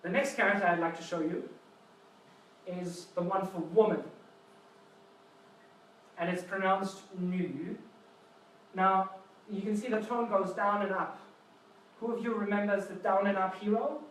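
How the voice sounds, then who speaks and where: A man's voice: high voice, fairly even intonation, normal speed, long pauses, a bit bright. A man giving a live seminar, explaining through playful mnemonic stories and quizzing the audience. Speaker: seminar presenter. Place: university seminar room. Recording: echoey lecture room from far off, faint noise.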